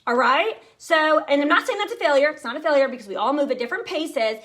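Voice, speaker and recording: In a high voice and at a quick pace, a woman leading a sales team talks directly to her listeners, keeping her motivational speech energetic and chatty.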